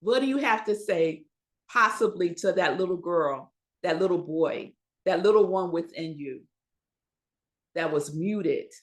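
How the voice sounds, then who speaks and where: Slow, emphatic woman preaching a sermon. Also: lowish voice, lively intonation. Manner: rhetorical questions to the congregation. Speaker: minister. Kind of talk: Sunday sermon.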